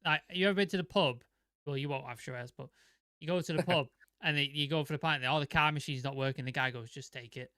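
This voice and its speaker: A young man co-hosting a casual football chat, excitable and swearing often. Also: fairly high pitch, quick pace, clear, resonant tone, no room sound, clean studio sound. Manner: excitable, swears a lot, vivid comparisons. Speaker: football podcast co-host.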